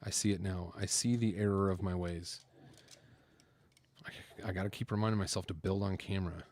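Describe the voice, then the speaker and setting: A man's voice: low voice, fairly even intonation, normal speed, darkish tone, no room sound. A man hosting a casual building video, talking his way through the build in a chatty, rambling way with lots of fillers. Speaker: host building LEGO on camera.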